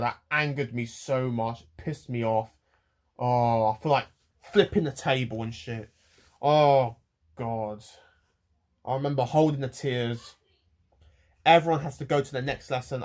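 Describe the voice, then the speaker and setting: A man with a mid-range voice rants to the camera in a personal vlog, rambling and halting as he restarts and repeats words. He is emotional and close to tears.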